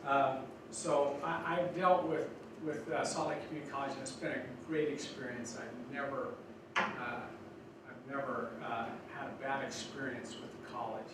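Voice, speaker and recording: A man's voice: mid-range voice, flat delivery, moderate pace. Folksy older man speaking in an echoey hall. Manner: folksy, rambling with many restarts. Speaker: guest speaker. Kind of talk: speech to students. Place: college lecture room. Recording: echoey hall from far off, noisy.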